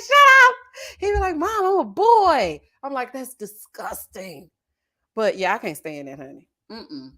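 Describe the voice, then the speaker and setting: Sassy animated woman reacting to TV. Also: fairly high pitch. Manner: sassy, animated, drawn-out "child" and "honey". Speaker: show host reading viewer comments. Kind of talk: casual reaction chat.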